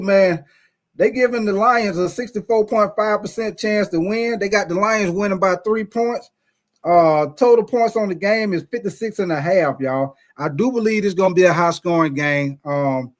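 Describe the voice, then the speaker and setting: A man hosting a casual sports livestream, talking to his chat in a relaxed, chatty way. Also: a little high. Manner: chatty, laid-back, speaks to the chat. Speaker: sports show host.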